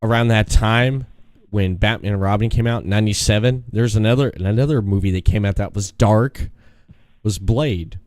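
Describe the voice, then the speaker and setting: A young man calling in as a podcast guest, chatting in a laid-back, drawn-out way with chuckles. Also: on the low side, a little mellow, dry recording, studio quality. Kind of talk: casual chat.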